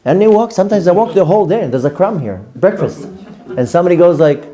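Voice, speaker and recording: A man, a rabbi telling a lively story to his class and acting out his own reactions. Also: high-pitched, fast talker. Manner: animated, acts out his own reactions in quotes.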